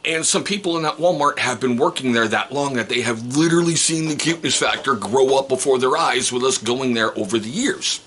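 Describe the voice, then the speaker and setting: A man's voice: mid-range voice, fairly bright tone, slight background noise. A middle-aged man vlogging casually, telling a story in a rambling, chatty way that keeps correcting itself.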